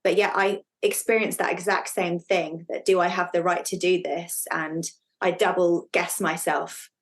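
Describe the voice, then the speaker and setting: Lowish woman host, casual chat. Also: flat delivery, normal speed. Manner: warm listener, frequent affirming murmurs. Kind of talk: casual podcast conversation.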